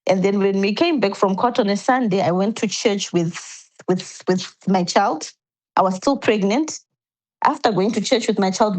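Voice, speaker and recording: A woman's voice: medium pitch, darkish tone, rough recording. A woman as a podcast guest, earnestly recounting a painful personal story step by step, often restarting her sentences.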